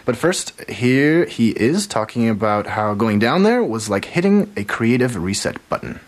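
A male radio host chats casually in a studio, stumbling through plugs and announcements with plenty of "uh" and "um." He makes fun of his own slips as he goes, in a mid-pitched, everyday voice. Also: sing-song, a little slow. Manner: rambling with many fillers, self-mocking.

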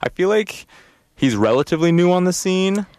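A man's voice: high-pitched, expressive, normal speed, darkish tone, no echo. A man co-hosting a college radio music show, chatting casually in a rambling, hesitant way with many fillers.

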